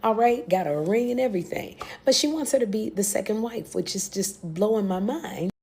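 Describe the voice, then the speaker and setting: A young American woman recapping a TV series in a casual, animated way, with exclamations and blunt asides. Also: medium pitch, a little fast. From United States. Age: young adult. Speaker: reaction video host.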